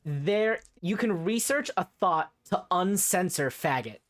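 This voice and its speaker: Woman streamer chatting over a game, lowish voice, bouncy pitch, dry offhand remarks. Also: expressive, a little slow. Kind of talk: casual gameplay commentary.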